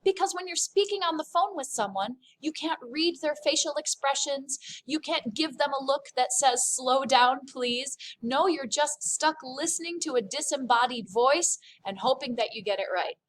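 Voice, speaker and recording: High-voiced woman teaching French. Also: a little hiss or hum. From lived in France. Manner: slows down to savor French words, addresses the class. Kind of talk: classroom language lesson.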